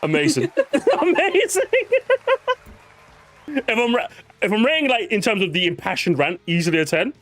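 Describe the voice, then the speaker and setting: Lively British man hosting a stream. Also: sits high, normal speed, long pauses. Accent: British English. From Britain. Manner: animated, laughs a lot, playful sarcasm. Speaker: streamer host. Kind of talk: casual stream chat.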